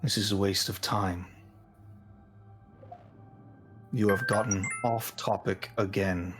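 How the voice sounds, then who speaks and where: A man's voice: lowish voice, fairly even intonation, normal speed, music in the background, pitched below the performer's own voice, close to an everyday voice. A man voicing a solemn, stiff and fatherly male god lord who speaks in a formal, stilted way. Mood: stern.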